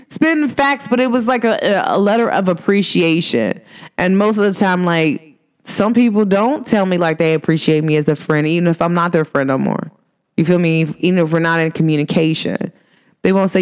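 A woman's voice: lowish voice, moderate pace, a little mellow, clean tone. Woman, podcast host, from Cincinnati, casual monologue, slangy, chatty, laughs often. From Cincinnati, USA.

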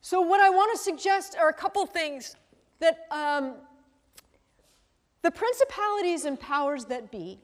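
A woman's voice: very high voice, lively intonation, a little slow, long pauses. A woman pastor giving a conversational sermon, often checking in with the congregation with tag questions like a teacher. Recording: long reverb of a large hall.

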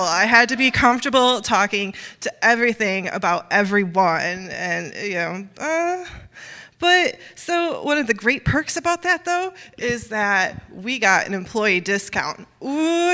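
A woman's voice: mid-range voice, animated, unhurried, sharp tone, in a large hall. A woman telling a story on stage for the first time, nervous and joking.

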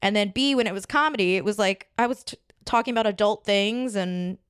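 A woman comedian chatting as a podcast guest, telling stories with quick asides and quoted voices. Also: mid-range voice, clear, resonant tone, no echo, clean studio sound. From New York. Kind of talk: podcast conversation.

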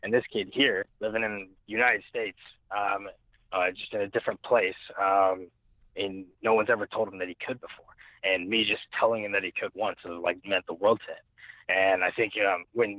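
A man's voice: low-pitched, dry recording. A young man telling a personal story as an interview guest, rambling with many restarts and fillers. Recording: tinny phone-like line.

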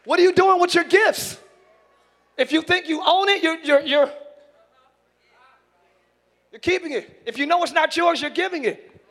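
A male pastor preaching a sermon in church, moving from loud shouted lines to quick casual asides. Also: very high-pitched.

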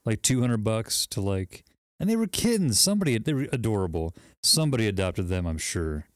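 A man's voice: on the low side, big pitch swings, a little fast, dry recording, clean studio sound. A man co-hosting a podcast, chatting casually, laughing often and poking fun at himself. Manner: laughing, self-deprecating, rambling with restarts. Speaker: podcast co-host. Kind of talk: casual chat.

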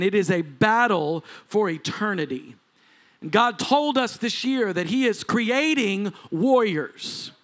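A man's voice: high-pitched, fairly bright tone. A man, a lead pastor preaching a sermon to a congregation in a church, with rising intensity and asides to the crowd. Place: church sanctuary before a congregation.

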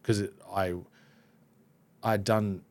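A man's voice: lowish voice, flat delivery, a little mellow. A man hosting a podcast, talking openly and reflectively with frequent restarts. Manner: open and self-reflective, halting restarts. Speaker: podcast host. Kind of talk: candid podcast conversation.

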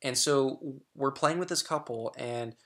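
Middle-aged male guest, frank, rambling storyteller, mid pitch. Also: unhurried, a bit bright. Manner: frank, chatty, many fillers and restarts. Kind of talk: candid personal storytelling.

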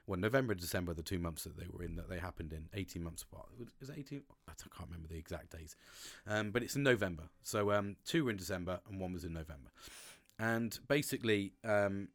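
A man, talking candidly and excitably to camera, swearing constantly and restarting sentences. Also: fast. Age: 40s. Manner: swears constantly, animated, pitch jumps with excitement. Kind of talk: candid monologue.

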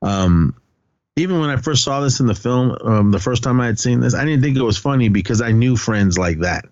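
A man's voice: mid-range voice, lively intonation, brisk, a little mellow, no echo, lo-fi sound. A man co-hosting a podcast, recapping a film's plot casually, rambling and correcting himself with lots of fillers. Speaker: podcast co-host.

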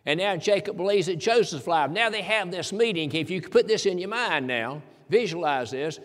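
A man's voice: high voice, animated, a little fast, fairly bright tone. A man preaching a sermon in a folksy, emphatic way, quoting scripture. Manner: folksy, emphatic preaching with King James quotes. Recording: long hall reverb.

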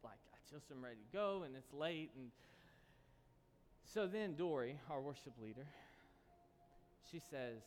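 A man's voice: mid-range voice, lively intonation, unhurried, pauses often. A man preaching a sermon as pastor, telling a personal story and then building to an impassioned appeal to his church. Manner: storytelling, rising to impassioned exhortation. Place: church hall. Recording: echoey hall with faint noise.

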